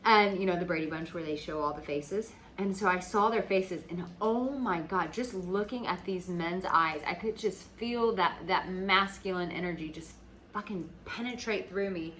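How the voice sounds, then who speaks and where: Speaking to camera at a moderate pace, a US dating coach addresses her audience in a casual, emphatic way, cursing freely and peppering her talk with "like." She has a fairly bright voice on the low side, captured on a rough recording with a little hiss or hum.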